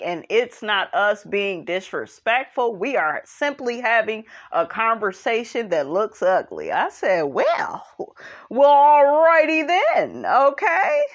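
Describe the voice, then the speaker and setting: Sassy woman doing a slow reality tv recap, swoopy up-and-down voice, kinda muffled lo-fi mic. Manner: sassy, animated, sprinkles 'honey' and 'okay'; breaks into high laughing impressions. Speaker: reality show recap host. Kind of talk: casual commentary recap.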